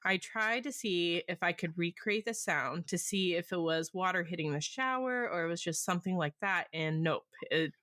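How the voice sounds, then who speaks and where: A woman with a husky voice reading listener stories aloud on a podcast, laughing often as she goes. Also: on the low side, normal speed, hardly any pauses, a bit bright, no room sound, clean studio sound. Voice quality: husky smoker's voice. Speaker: podcast co-host.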